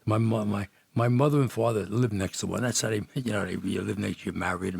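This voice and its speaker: Gravelly older New storyteller. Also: male voice, lowish voice, a little fast, darkish tone, dry recording. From Jersey City, New Jersey. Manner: rambling, laughs often, false starts. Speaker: podcast guest. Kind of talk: storytelling in casual conversation.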